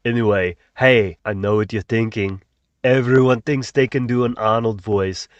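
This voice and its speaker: A man's voice: on the low side, steady tone, moderate pace, no echo, muffled recording, voice pushed down, natural voice. A man doing a jovial Austrian-accented action star. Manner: jovial, teasing.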